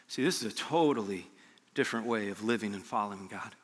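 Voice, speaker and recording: A man preaching a sermon as pastor, animated, swinging between loud peaks and hushed low lines. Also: fast talker, in a large hall. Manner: animated preaching, voice rising and dropping sharply.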